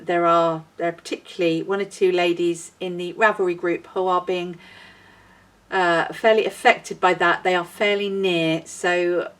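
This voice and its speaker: A woman hosting a knitting podcast, chatting in a rambling and self-deprecating way. She sounds like she is outdoors in a windy garden. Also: fairly low pitch. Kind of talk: casual chat. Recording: voice a little far from the mic.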